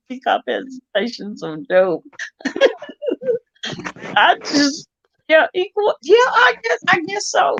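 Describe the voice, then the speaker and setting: Man, lively swooping pitch, giggly and hesitant, dry lo-fi sound. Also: drawn-out words, pauses often, no room sound. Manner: giggly, hesitant, repeating himself. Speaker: show host. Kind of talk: casual chat. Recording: dull lo-fi sound.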